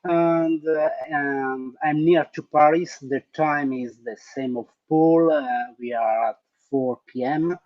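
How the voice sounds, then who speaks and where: A man with an Italian accent, a panelist on a video call, speaking with hesitant pauses. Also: a little high, fairly even intonation, no echo, dull audio. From Italy. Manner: hesitant, many uh fillers.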